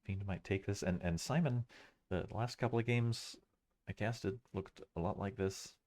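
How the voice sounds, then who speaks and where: A man's voice: on the low side, moderate pace, a little mellow. A man giving casual commentary on a board game replay, thinking aloud with many fillers and self-corrections.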